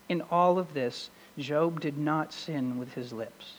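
A man's voice: fairly high pitch, takes it slowly, hardly any pauses. A man preaching a sermon as pastor, earnest and emphatic, building to swells of intensity. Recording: long hall reverb.

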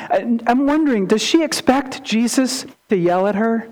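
A male pastor preaching a sermon, animated, acting out quotes and asking rhetorical questions. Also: very high voice, moderate pace, hardly any pauses, low-quality recording.

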